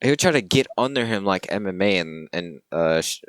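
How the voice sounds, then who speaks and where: A man's voice: deep voice, expressive, fairly quick, smooth. A young man co-hosting a podcast, chatting casually and jokingly, often trailing off. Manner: joking, rambling, trails off quietly. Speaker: podcast co-host. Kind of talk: casual chat.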